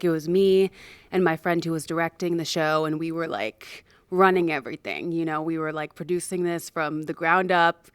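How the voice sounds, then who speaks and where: A young actress and producer tells a chatty story about mishaps during a show's production. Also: female voice, fairly low pitch, clean tone, dry recording. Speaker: actor and producer. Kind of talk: casual anecdote to camera.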